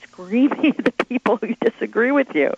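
A woman author being interviewed, telling stories in an animated, chatty way with quick asides and acted-out quotes. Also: a little high, gravelly, husky, lo-fi sound. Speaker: author guest. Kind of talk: interview storytelling.

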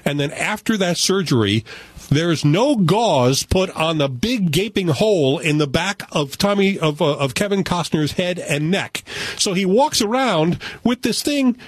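A man talking about films with sarcasm and big swings in his voice. He sits a little high in pitch. His tone is slightly husky. The sound is dry and close. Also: measured pace, dry recording. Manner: animated, sarcastic, jumps into voices. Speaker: film critic. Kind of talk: casual radio chat.

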